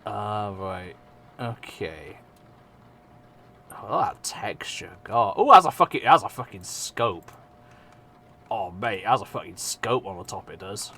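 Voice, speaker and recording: Gravelly English man, rambling streamer. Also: on the low side, takes it slowly, long pauses, sharp tone, a little hiss or hum. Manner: rambling, swears often, self-mocking. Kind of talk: casual live-stream chat.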